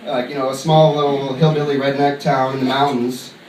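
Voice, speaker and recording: A young man from upstate New York doing a stand-up comedy set, telling a loose, rambling story full of fillers and breaking into quick voices for the people in it. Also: mid-range voice, flat delivery, darkish tone. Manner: acts out other people in quick put-on voices. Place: comedy club stage. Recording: roomy club sound from a distant mic, audible ambience. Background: crowd laughter.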